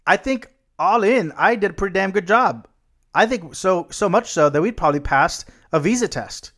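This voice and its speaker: Laid-back swearing American podcast host. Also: male voice, sits high, expressive, moderate pace, a bit bright. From United States. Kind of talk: casual chat.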